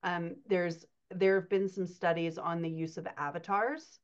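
Female writing coach on a podcast, low-ish and friendly in manner, muffled lo-fi sound. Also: fairly even intonation. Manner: affirming, quick to agree, explanatory. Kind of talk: casual chat. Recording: dull lo-fi remote audio.

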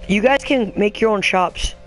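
A man's voice: high-pitched, moderate pace, faint music behind. Bossy teasing man gaming. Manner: bossy and teasing, sound effects under his breath. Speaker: gamer running an in-game shop. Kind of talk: casual gameplay chat.

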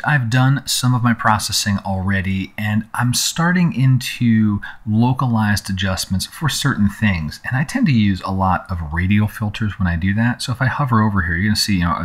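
A man with a notably deep, low voice walks through a screen-recorded editing tutorial. He talks loosely and conversationally, leaning on fillers like "you know" and "um" as he explains each step. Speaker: photography tutorial host.

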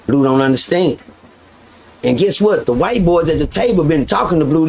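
Profane, animated male storyteller. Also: a little high, fairly quick. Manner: profane, animated, addresses listeners directly. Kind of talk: casual storytelling.

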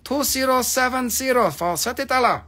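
A pushy gem seller rattles off his pitch in broken English, his voice pushed noticeably higher than normal, as a man puts him on. He hustles through prices with salesman patter, and he sounds bright and forward. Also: expressive, moderate pace, full character voice. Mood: hustling.

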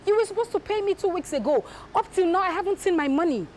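An actress with a Nigerian accent playing a hot-tempered wife and businesswoman who demands payment from a friend, her voice jumping from sharp outbursts to low murmurs. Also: animated, slight background noise, natural voice. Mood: angry demanding. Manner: sharp, demanding, quick to rise then drop to a low murmur.

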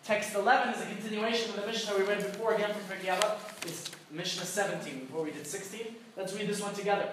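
A man's voice: high-pitched, fairly even intonation, fast, hardly any pauses, fairly bright tone, slight background noise. A rabbi teaching a conversational Torah class, putting rhetorical questions to his listeners and telling jokes. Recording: very echoey room, mic far off.

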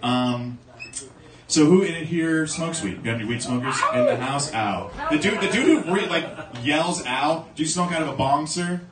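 A man's voice: on the high side, lively intonation, normal speed. A young man doing a stand-up comedy set, telling loose, rambling stories with lots of fillers. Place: comedy club stage at an open mic. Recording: echoey club recording from far off, audience noise. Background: audience laughing and cheering.

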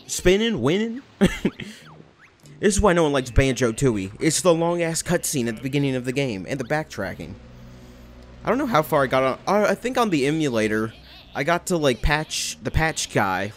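A young man rambling excitably and swearing as he comments on a video game. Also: on the high side. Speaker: let's play gamer. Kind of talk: casual gameplay commentary.

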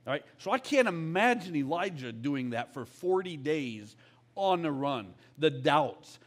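A man's voice: a little high, big pitch swings, measured pace. Candid man preaching a casual sermon. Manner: conversational, candid, often asks "all right?". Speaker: executive pastor. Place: church.

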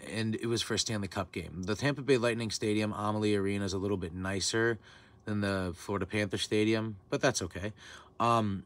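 A man's voice: fairly low pitch, fairly bright tone. A man in his twenties telling a heated, profane story in a vlog rant. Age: 20s. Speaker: vlogger. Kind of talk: ranting storytime.

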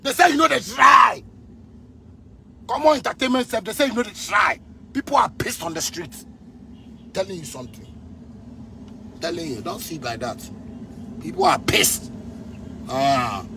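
A man in his thirties with a Ghanaian accent, ranting angrily at the president, repeating himself and breaking into shouts. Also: high voice, gravelly, slight background noise. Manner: heated, repetitive, bursts into shouting. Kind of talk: angry rant addressed to the president.

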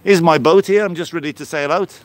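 English man, English accent, fairly high voice, rambling casual live-stream chat, outdoors on a handheld phone, faint traffic noise. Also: brisk. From England. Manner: chatty, greets viewers by name, rambling asides. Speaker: vlogger hosting a live stream. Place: outdoors by a fishing harbour. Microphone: handheld phone camera.

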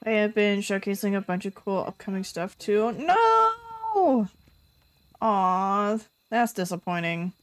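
A woman streaming a game live, chatting casually with her viewers and reacting out loud to the game. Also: mid-range voice, fairly even intonation, normal speed, hardly any pauses, smooth. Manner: chatty, reads chat, bursts into loud frustrated yelps.

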